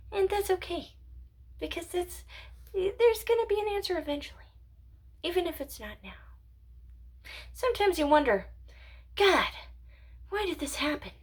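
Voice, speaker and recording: High, lively woman musing aloud. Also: moderate pace, long pauses. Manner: musing, drifts into whispers and giggles. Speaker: channel owner. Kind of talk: rambling philosophical monologue. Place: at home.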